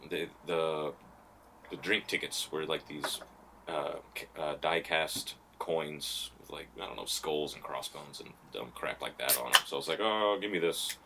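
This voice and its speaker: A man's voice: rumbling low, steady tone, unhurried, vocal fry, pushed and bright, a little hiss or hum. A man hosting a podcast, telling rambling stories in casual chat and laughing often. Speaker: podcast host.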